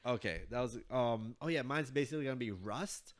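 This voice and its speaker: A man's voice: mid-range voice, a little fast. A man co-hosting a casual chat podcast, joking, laughing often and trailing off mid-sentence. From New York. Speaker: podcast co-host.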